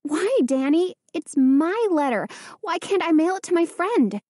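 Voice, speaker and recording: A woman voicing a frightened, excitable teenage girl who talks in quick startled bursts. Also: very high-pitched, no room sound, studio quality, voice pushed up.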